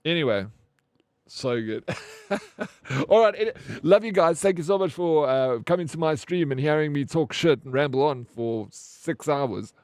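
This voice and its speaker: A man's voice: on the high side, lively intonation, unhurried, darkish tone, no echo. Rambling man streaming, dry sound. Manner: rambling, swears casually, says "bro" a lot. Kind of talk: casual stream chat, reading chat aloud.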